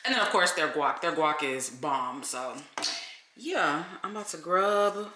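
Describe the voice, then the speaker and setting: A young adult woman chatting casually to her viewers in a vlog, telling stories in an animated, profane way. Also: deep voice, unhurried, a little hiss or hum. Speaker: vlogger. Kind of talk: casual vlog chat to camera.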